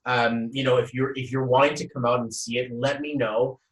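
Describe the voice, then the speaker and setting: A young man hosting a casual motivational live talk, energetic and rambling, often repeating words as he speaks at home. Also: medium pitch, a little fast, a crowd in the background. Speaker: host. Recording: roomy echo, voice from a distance.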